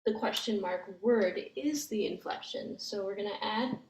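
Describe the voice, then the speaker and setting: A woman teaching a language lesson, explaining gently and step by step with frequent ums. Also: mid-range voice, normal speed, roomy sound, slight background noise, rough recording. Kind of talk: slow, patient language lesson.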